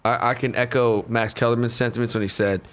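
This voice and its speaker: A man in casual chat, co-hosting a podcast and telling stories in a profane, animated way. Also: medium pitch, fast talker, slight background noise.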